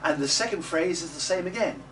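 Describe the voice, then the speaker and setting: A middle-aged man teaching a class how to say Italian words. He models each word slowly for the group to repeat and adds chatty little jokes. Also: a little high, lively intonation. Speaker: early music teacher. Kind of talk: coaching a class in Italian diction. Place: classroom or rehearsal room. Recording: distant mic in a noisy room.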